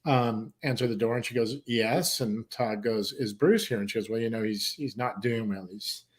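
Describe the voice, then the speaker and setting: A man's voice: lowish voice, normal speed. A man, a country music artist, telling a long personal story on a talk show, acting out the other people's voices as he goes and swearing casually. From San Diego, California. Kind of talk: animated storytelling.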